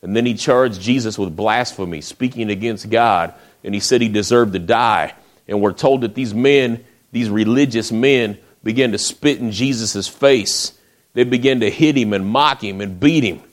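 A man preaching a sermon, retelling the story in a folksy way with acted quotes, often dropping to a hush. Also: lowish voice, moderate pace.

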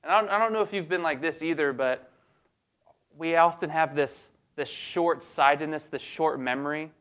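A man preaching a sermon in a casual, humorous way, acting out quick bits of dialogue. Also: a little high, a bit bright. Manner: conversational and humorous, acts out voices of the disciples.

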